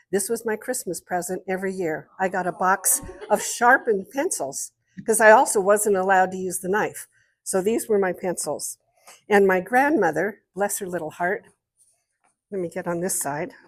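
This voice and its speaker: An older woman and guest artist speaking to an art club, telling lively stories and showing objects as she talks. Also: medium pitch. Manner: lively storyteller, showing objects while talking. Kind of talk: storytelling talk to an art club.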